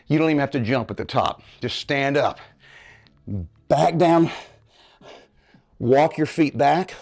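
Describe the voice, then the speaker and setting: A man in his fifties leads a workout in his home living room, with a fairly high, gravelly, darkish voice at a measured pace. As a fitness coach, he demonstrates the moves and gets out of breath while checking in with viewers: "okay, guys?"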